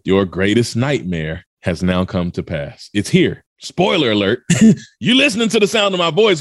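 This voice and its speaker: A man's voice: dry recording, clean studio sound. Fired-up man telling a story. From Memphis, USA. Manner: urgent, emphatic, high-energy delivery. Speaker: podcast guest, motivational speaker. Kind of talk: dramatic personal storytelling.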